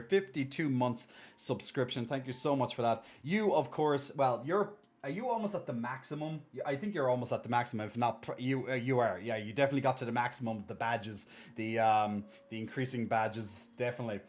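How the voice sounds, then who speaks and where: A man live-streaming, chatting casually and reassuring viewers as he reads their messages and thanks subscribers. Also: medium pitch.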